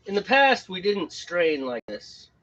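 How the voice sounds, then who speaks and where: Animated joking man, lo-fi stream audio. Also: sits high, a little slow. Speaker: homebrew show co-host. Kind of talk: casual chat while brewing on a live stream.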